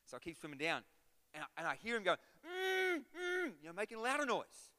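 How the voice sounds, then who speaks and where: A man preaching a sermon, telling a personal story and building to loud, repeated calls. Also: a little high, expressive, rapid-fire. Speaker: pastor. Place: large church hall. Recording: long hall reverb.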